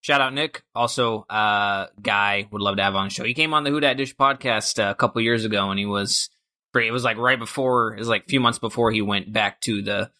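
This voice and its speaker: A man's voice: lowish voice, brisk, pushed and bright. A young man co-hosting a casual sports podcast, upbeat and easygoing. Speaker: podcast co-host.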